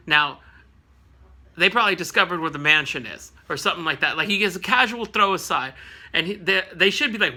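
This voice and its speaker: High, bright-voiced man riffing on comics. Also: brisk. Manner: rambling, joking asides, frequent laughs. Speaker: comic book recap host. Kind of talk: casual comedic comic recap.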